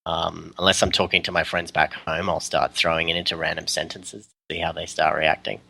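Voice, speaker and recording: A man with an Australian accent, a guest in a casual podcast interview, talking in an easygoing way with frequent laughs and pauses. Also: deep voice, flat delivery, creaky, pushed and bright, breathy edge. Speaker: guest, custom terrain maker.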